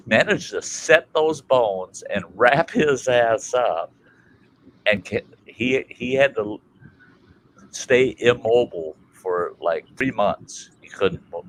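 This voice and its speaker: A man from Minnesota hosting a casual chat stream, telling a family story in a colorful, animated way and swearing freely. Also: medium pitch, a little hiss or hum, rough recording. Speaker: livestream host.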